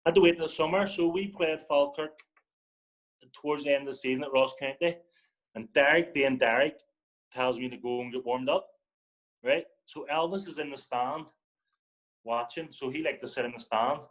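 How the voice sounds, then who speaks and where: A man's voice: medium pitch, normal speed, poor audio. Northern Irish man telling football stories. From Northern Ireland. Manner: animated anecdotes, acting out quoted people. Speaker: podcast guest, former footballer. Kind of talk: casual storytelling.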